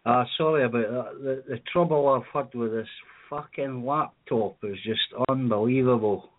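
Scottish male caller, rambling storyteller, mid-pitched, heard over a tinny phone line. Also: normal speed. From Scotland. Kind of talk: casual phone chat.

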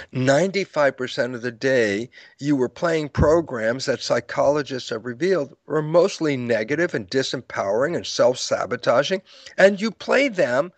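A guest author being interviewed explains ideas the way a lecturer would, telling stories, acting out quoted dialogue and chuckling at his own points. His man's voice is a little high, and the recording is dry.

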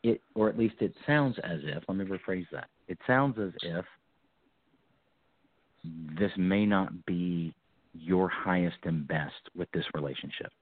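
Low-voiced man hosting a call-in show. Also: a little slow, no echo. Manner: reassuring, coaching, lively. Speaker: psychic radio host. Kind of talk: call-in reading, casual advice. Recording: tinny phone-like line, dry.

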